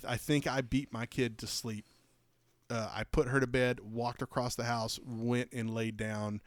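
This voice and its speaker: Animated man telling a rambling story. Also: medium pitch, dry recording. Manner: animated, rambling anecdote with many fillers. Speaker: podcast co-host. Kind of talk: casual storytelling chat.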